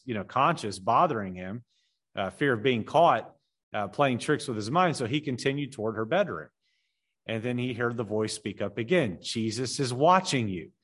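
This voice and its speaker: Relaxed male pastor telling jokes. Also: medium pitch. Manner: relaxed, playful storyteller. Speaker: pastor and podcast co-host. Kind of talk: casual chat and joke telling.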